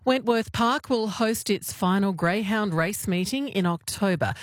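A newsreader reading the hourly radio news in a formal, measured manner. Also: female voice, medium pitch, no room sound, studio quality.

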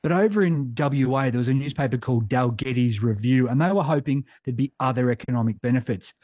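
Wry history storyteller. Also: male voice, medium pitch, fast talker, darkish tone, dry recording, clean studio sound. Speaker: history podcaster guest. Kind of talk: radio interview.

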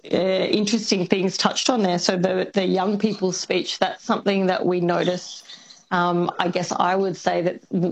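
A woman academic is a guest on a radio talk show, explaining her field in a thoughtful, measured way. Her voice is low, husky and creaky, with a fairly flat melody. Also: low-quality recording. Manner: thoughtful and explanatory, with soft laughs and fillers. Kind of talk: radio interview.

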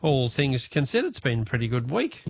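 A man with an Australian accent hosting a talkback radio quiz, chatty and jovial with quick laughs. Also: medium pitch, sing-song, vocal fry, slight background noise.

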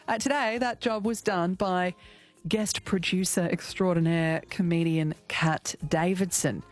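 A woman's voice: medium pitch, no echo. A woman hosting a radio show, chatting playfully and laughing often. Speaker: radio host. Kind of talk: casual radio chat.

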